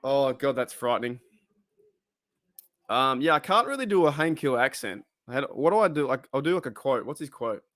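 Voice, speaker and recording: A man's voice: medium pitch, very animated, moderate pace, fairly bright tone. A man with an Australian accent, chatting casually and rambling with frequent laughter as he hosts a football watch-party stream. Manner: giggly, rambling, breaks into laughter. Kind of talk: casual live-stream chat.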